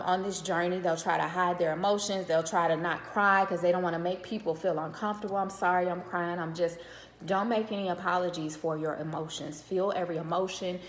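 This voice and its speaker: A middle-aged woman, a widow, giving direct, earnest advice in a vlog, counting off her tips and checking in with the viewer. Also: on the low side. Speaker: widow sharing grief advice. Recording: roomy echo.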